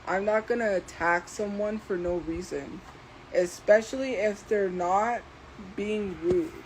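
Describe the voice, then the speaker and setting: A woman livestreamer talking slowly and deliberately as she defends herself against commenters in her chat. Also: medium pitch, darkish tone, slight background noise, rough recording. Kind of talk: live stream talking to chat.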